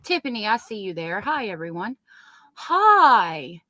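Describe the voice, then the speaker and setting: Bright-voiced Southern woman hosting a live chat. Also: mid-range voice, unhurried, no echo. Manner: chatty, greets viewers by name. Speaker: true crime live stream host. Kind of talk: casual live chat with viewers.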